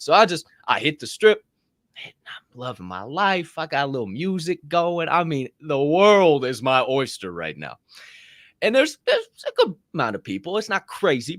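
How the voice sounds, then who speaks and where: A man's voice: medium pitch, no echo. A man co-hosting a podcast, telling a story casually with lots of swearing and acted-out voices. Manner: profane, animated, acts out voices in his stories. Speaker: podcast co-host.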